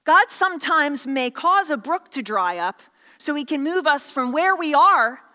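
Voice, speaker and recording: A woman's voice: sits high, lively intonation, measured pace, bright, forceful tone, long reverb tail. A woman pastor preaching a sermon with playful, jokey asides and many restarts.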